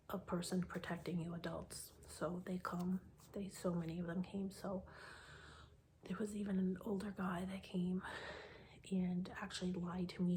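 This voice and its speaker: A woman around forty telling a personal faith testimony in a soft, often half-whispered voice, halting with many fillers. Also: lowish voice, slight background noise. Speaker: vlogger sharing a faith testimony.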